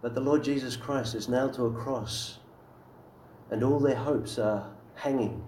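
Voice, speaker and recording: Male preacher, mid-pitched, emphatic and earnest, in a reverberant church room. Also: unhurried, a little mellow, slight background noise. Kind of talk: sermon.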